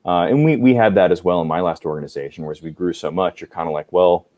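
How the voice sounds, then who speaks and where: A man in his forties, a guest on a podcast, telling lively stories about his army career and acting out the people he quotes, with many fillers. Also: sits low, fast. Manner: animated, acts out quoted dialogue, many fillers. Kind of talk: casual storytelling interview.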